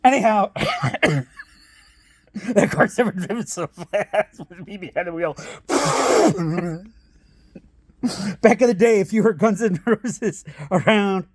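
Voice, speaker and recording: A man's voice: sits high, takes it slowly, long pauses, slightly rough, no room sound. A man telling a rambling family story in a casual way, laughing often as he talks. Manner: lively and animated.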